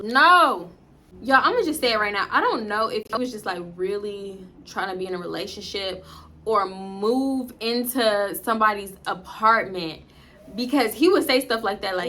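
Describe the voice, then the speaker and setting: A woman vlogger telling a storytime to her viewers in an animated, blunt and profane manner, speaking straight to the audience. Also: medium pitch, moderate pace, a little hiss or hum. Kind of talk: casual storytime vlog.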